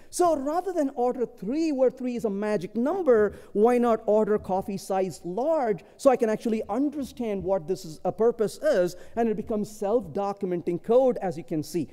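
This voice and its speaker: A man speaking at a conference, telling stories and tagging points with rhetorical questions. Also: very high voice. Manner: animated storytelling, rhetorical "isn't it?" tags. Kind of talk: conference talk with anecdotes. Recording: long hall reverb.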